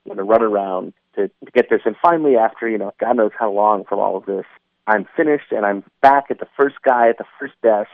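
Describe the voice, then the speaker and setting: A man calling in as a guest on a talk show, telling a story in an animated way and acting out the characters. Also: fairly low pitch, brisk, vocal fry, no echo. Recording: tinny phone line, dry.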